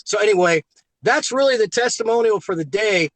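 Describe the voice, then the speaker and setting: A high-pitched man speaks in a close, dry sound, with no room around his voice. He tells his story with excitement over a video call and acts out the quoted voices as he goes. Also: fairly quick, no room sound. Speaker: guest giving a product testimonial. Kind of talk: animated storytelling on a live call.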